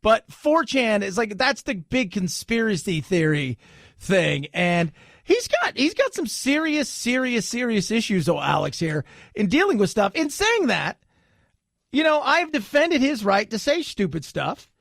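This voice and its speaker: A man's voice: high voice, wildly swooping pitch, unhurried, vocal fry, a bit bright, no echo, studio quality. A man hosting a talk radio show, joking and sarcastic in a rambling commentary.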